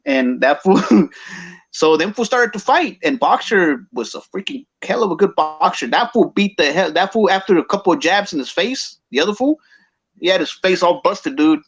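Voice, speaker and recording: A man's voice: high voice, animated, moderate pace, breathy edge, dull audio. A man with a Chicano English accent telling a story casually, slangy and mixing English with Spanish.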